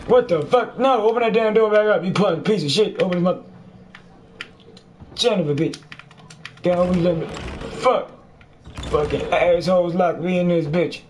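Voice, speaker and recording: With a slightly high voice, a man delivers loud, crude let's play commentary on his gameplay. The gamer's running patter is jokey and laced with frequent cursing, and faint background noise sits in the recording.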